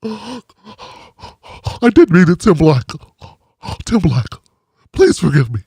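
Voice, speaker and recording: A man's voice: a little high, sing-song, slow, mellow, breathy edge, no room sound, studio quality, pitched below the performer's own voice, exaggerated voice. A man doing a mocking impression of a male politician who pleads for more love between gasps. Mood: pleading mockery.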